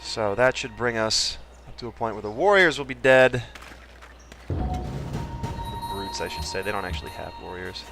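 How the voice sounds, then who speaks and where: A man's voice: lowish voice, expressive, moderate pace, long pauses, over music. A man hosting a casual Let's Play, cracking jokes and trailing off into mumbled asides as he explains his moves. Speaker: gaming channel host.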